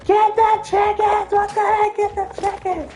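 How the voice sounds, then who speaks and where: A woman imitating her furious mother yelling at her kids, shrill and frantic. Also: little pitch movement, measured pace, faint music behind.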